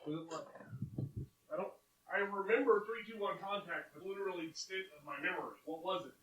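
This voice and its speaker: A man's voice: high voice, fairly quick, bright, forceful tone, slight background noise, low-quality recording. A man from Oklahoma co-hosting a casual podcast, teasing his partner and laughing often. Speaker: podcast co-host. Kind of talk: casual chat.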